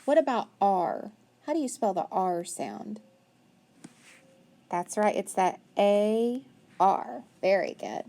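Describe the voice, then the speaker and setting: Slow-talking woman phonics teacher. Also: mid-range voice, expressive, mellow. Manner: patient, praising, asks questions and answers them; spells letters out one at a time. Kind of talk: phonics lesson to young pupils.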